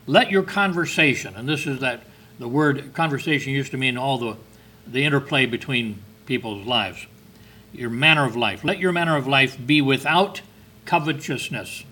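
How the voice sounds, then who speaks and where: A man delivers a sermon in a husky voice with a bright, forceful edge. He talks to his listeners like a conversation and keeps asking them questions. He lifts his voice to stress key words and reads scripture in old-fashioned phrasing. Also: mid-range voice, moderate pace. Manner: conversational preaching with rhetorical questions and emphatic lifts; reads scripture in King James wording. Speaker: preacher.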